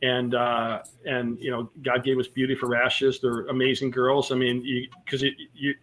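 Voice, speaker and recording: A comedian telling personal stories in a casual interview, mixing jokes and fillers. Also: male voice, medium pitch, monotone, moderate pace, a bit bright, a little hiss or hum. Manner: storytelling with jokes and many fillers. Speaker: comedian guest.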